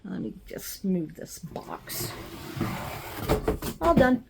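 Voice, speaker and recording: A middle-aged woman speaks at an unhurried, drawn-out pace in a casual home vlog. She gushes with excitement and talks straight to her viewers, picked up by a camera mic in a craft room. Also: medium pitch, vocal fry, very noisy. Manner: gushing, excitable, chatty with viewers. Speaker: vlogger.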